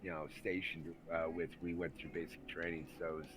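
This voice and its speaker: Over a noisy background, a deep-voiced man speaks a little fast with little pitch movement. He's a Santa Rosa, California native swapping rowdy, profane army stories, using plenty of fillers and playing the characters himself.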